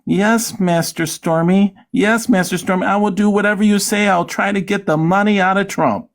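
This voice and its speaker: A man's voice: high voice, fairly even intonation, moderate pace, pitched above the performer's own voice. A man putting on the voice of a servile, groveling man fawning over his boss, whiny and pleading.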